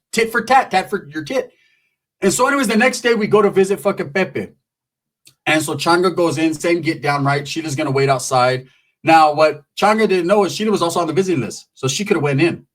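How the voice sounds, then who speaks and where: A middle-aged man telling a comic street story, animated and profane. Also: a little high.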